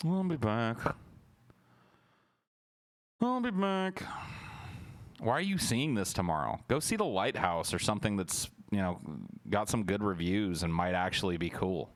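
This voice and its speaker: A man with a lowish voice talks loosely and sarcastically on a livestream. He mocks what he is watching, swears freely, and keeps up a running commentary. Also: animated, normal speed, no room sound. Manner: sarcastic, mocking, profane; mimics lines in exaggerated high voices. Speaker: livestream host reacting to a trailer.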